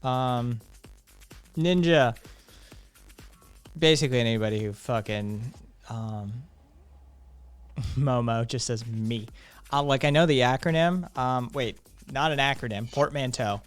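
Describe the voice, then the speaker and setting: A man's voice: mid-range voice, a little slow, long pauses, clear, resonant tone, soft background music. A man co-hosting a live stream, chatting casually, swearing and reading chat aloud. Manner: laid-back, swears, reads chat aloud. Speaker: stream co-host.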